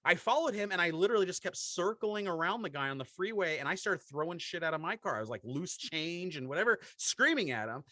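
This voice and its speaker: A middle-aged man co-hosting a podcast, telling a comedic story with animated delivery and laughing through his own jokes. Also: high-pitched, fast talker, few pauses, dry recording. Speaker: podcast co-host.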